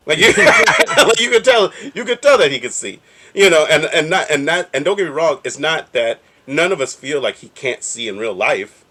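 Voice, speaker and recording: Male co-host, bright and forceful tone, very lively pitch, emphatic. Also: normal speed, slight background noise. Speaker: podcast co-host. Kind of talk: casual chat.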